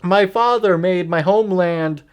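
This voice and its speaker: A woman putting on a mock accent for an earnest warrior heroine, quoting her halting and earnest. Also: fairly low pitch, natural voice.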